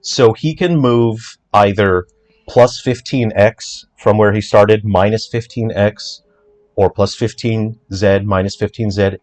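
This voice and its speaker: A man, an indie game developer, talking through his code in a casual walkthrough, chatty and joking with quick asides. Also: fairly low pitch, steady tone, a little mellow. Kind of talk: casual livestream coding walkthrough.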